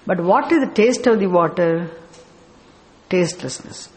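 A man's voice: sits high, lively intonation, a little slow. A man teaching a scripture class, explaining step by step with rhetorical questions and chanting verses. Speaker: spiritual teacher.

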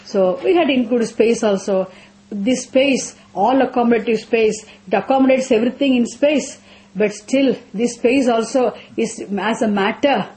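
Slow-speaking woman teaching scripture. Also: fairly high pitch, dark tone. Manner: slow, repeats phrases, asks rhetorical questions. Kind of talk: scripture class with chanted verses.

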